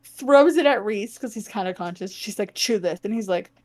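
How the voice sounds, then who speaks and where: A woman co-hosting a podcast, recapping a book in casual chat, animated and laughing often as she acts out characters' lines. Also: mid-range voice, brisk. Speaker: podcast co-host.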